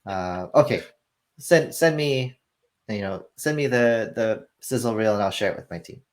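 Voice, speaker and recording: Blunt, unimpressed male film buyer, a man voicing him, low and offhand. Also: animated, normal speed, lightly acted.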